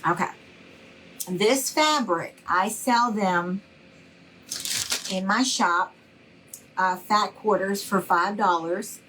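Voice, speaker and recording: A woman's voice: medium pitch, slow pace, long pauses, background noise. A middle-aged woman, giving a live craft tutorial in a chatty, reassuring way and greeting viewers by name. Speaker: craft instructor.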